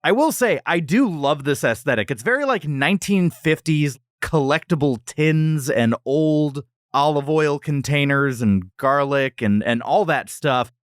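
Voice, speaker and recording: Playful higher-voiced man co-hosting a podcast. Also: a little slow, hardly any pauses, no echo, clean studio sound. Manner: playful, animated storytelling with jokes. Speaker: podcast co-host. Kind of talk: casual chat.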